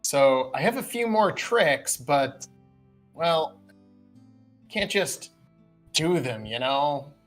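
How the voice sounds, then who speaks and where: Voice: medium pitch, lively intonation, takes it slowly, pauses often, faint music behind. A game master voicing a sly, flirty female spirit trapped inside a magic sword, talking casually with lots of fillers. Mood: teasing. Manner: casual, teasing, rambling with fillers.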